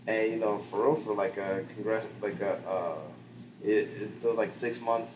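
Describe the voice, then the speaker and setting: A man's voice: fairly low pitch, moderate pace. A man co-hosting a podcast, chatting casually about politics and telling stories with lots of quoted voices and laughter. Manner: animated storyteller, jumps into quoted voices, laughs often. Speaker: podcast co-host. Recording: roomy with faint background noise.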